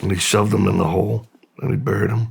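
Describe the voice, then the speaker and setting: Man, middle-aged, very husky, low voice, halting subdued storytelling. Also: fairly even intonation. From United States. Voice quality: gravelly. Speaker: guest. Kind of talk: personal storytelling in interview.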